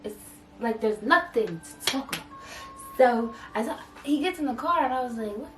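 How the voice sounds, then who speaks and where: A young woman tells a storytime vlog with dramatic flair and acts out each line of quoted dialogue. Her voice sits a little high and sounds a bit distant from the mic. Her words echo around a roomy space while faint music plays underneath. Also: lively intonation, moderate pace, fairly bright tone. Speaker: vlogger.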